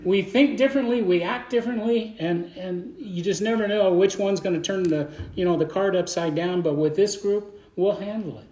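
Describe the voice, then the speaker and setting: Here a man with a high, dark voice delivers a sermon as a Baptist pastor, speaking at normal speed with hardly any pauses. His style is fervent and folksy, with frequent repeated words. It was recorded in the echoey room of a church sanctuary.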